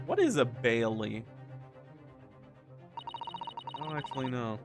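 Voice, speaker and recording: A man's voice: medium pitch, big pitch swings, fairly quick, music in the background. A male streamer joking while reading game dialogue aloud. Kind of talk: game let's play commentary.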